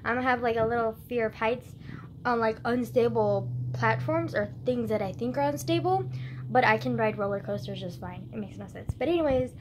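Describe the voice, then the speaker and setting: A woman's voice: a little high, normal speed, a little hiss or hum. A teenage girl ranting in a casual vlog, emotional and scattered, sighing and gasping, her speech full of fillers and restarts. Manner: emotional and scattered, with frequent sighs and gasps; filler-heavy, restarts often. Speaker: vlogger. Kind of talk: rambling casual vlog rant.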